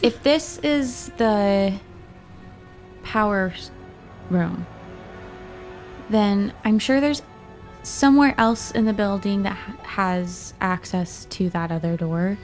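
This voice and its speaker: A woman playing a tabletop role-playing game, thinking aloud at an unhurried pace. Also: medium pitch, a little mellow, faint music behind. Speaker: player. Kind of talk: casual tabletop play.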